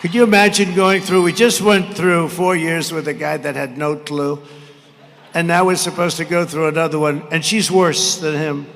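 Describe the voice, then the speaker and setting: A man in his seventies giving a rambling campaign rally speech at a podium microphone, brash and mocking, shouting some lines. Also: on the high side, steady tone, moderate pace. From United States. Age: 70s. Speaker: political candidate at a rally. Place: large arena. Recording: reverberant arena with faint crowd noise.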